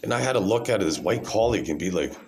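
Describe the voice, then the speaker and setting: A man's voice: on the low side, expressive, fast. A man in his forties talking alone to a phone camera in a rambling monologue, often tagging his points with "right?".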